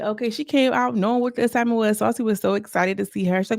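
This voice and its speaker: A woman's voice: medium pitch, fairly even intonation, fast talker, vocal fry, few pauses, no room sound, studio quality. A woman giving a casual, chatty recap of a reality show episode, talking straight to her viewers with emphatic slang and frequent asides. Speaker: reality TV reviewer.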